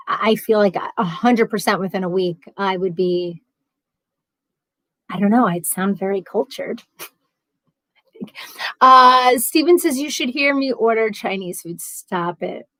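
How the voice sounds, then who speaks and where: A woman's voice: medium pitch, animated, unhurried, pauses often, a bit bright, no room sound. A woman with a New York accent chatting casually as a livestream host, reading chat messages aloud and rambling with frequent laughs.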